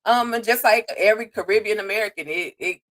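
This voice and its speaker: A blunt, expressive woman co-hosts a loose live chat. She cusses freely and laughs often. Her voice sits at a middle pitch for a woman. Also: quick pace, low-quality recording. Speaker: co-host. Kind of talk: casual live recap chat.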